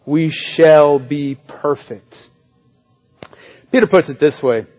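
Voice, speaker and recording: A man's voice: a little high, slow pace, lo-fi sound, soft background music. A man preaching a sermon as pastor, in a conversational way with joking asides.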